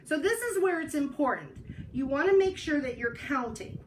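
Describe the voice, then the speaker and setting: A woman's voice: high voice, animated, normal speed. A woman hosting a live craft tutorial, chatty and talking to herself as she works, often stopping with "hold on.". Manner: chatty, self-interrupting with "hold on". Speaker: craft host. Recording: distant mic with noise.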